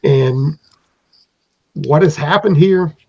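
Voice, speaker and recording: A man's voice: a little high, slow pace, gravelly, warm tone, breathy edge. A man improvising narration as game master for a tabletop game, rambling, with fillers and restarts. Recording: dull lo-fi recording.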